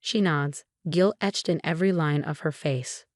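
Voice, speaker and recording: A woman narrating a first-person drama story, reading every voice in one steady tone. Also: deep voice, normal speed, dry recording, clean studio sound.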